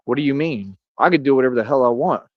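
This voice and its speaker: A man's voice: medium pitch, quick pace, background noise. Boastful ranting man in his thirties. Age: 30s. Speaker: streamer. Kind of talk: rambling livestream monologue. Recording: dull lo-fi dry sound.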